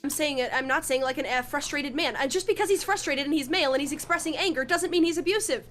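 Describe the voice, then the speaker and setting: A woman's voice: high voice, fast talker, fairly bright tone, soft background music. A woman in a heated debate, defensively pushing back and firmly holding to her position.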